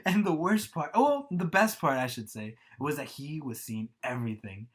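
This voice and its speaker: A man's voice: on the high side, lively intonation, moderate pace. A young man co-hosting a podcast, telling a story casually, swearing freely and laughing often. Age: young adult. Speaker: podcast co-host.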